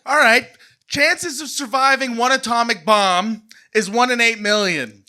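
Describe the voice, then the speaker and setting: Bright, high-voiced male comedian ranting. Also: measured pace. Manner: mock-outraged ranting, then exaggerated groveling. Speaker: comedian contestant. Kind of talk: comic debate speech. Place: theater stage before a studio audience. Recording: live stage recording with audience noise.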